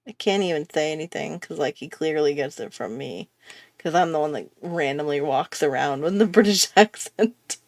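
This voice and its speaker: An artist hosts a drawing livestream, chatting casually as she draws, mocking herself and laughing often. Her deep voice moves at normal speed, captured in a dry, clean studio recording.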